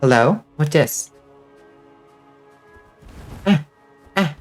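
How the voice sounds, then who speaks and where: A woman's voice: low voice, moderate pace, soft background music. Chatty swearing woman gaming streamer. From US South. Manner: chatty, swears freely, laughs often. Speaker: vtuber streamer. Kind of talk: casual gaming stream chat.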